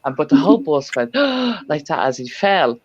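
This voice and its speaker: A woman's voice: sits low, very animated, normal speed, a little mellow, husky. A woman hosting a craft livestream, chatting casually and laughing as she tells a funny story, heard through a computer mic on a video call. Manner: chatty, laughs often while telling a story. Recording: dull lo-fi livestream audio.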